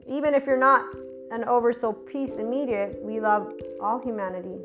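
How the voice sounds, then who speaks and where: A woman's voice: fairly high pitch, fairly even intonation, moderate pace, music in the background. A woman talking casually in an unscripted spoken monologue, telling personal stories, acting out both sides of quoted arguments and swearing freely. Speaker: spiritual channeler sharing stories.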